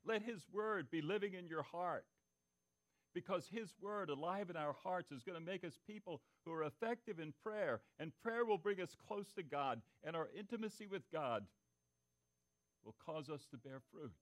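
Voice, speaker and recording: Preaching at a normal speed, this man's voice sits high and sounds expressive. As pastor, he asks the congregation to shout out answers and drives home key phrases by repeating them.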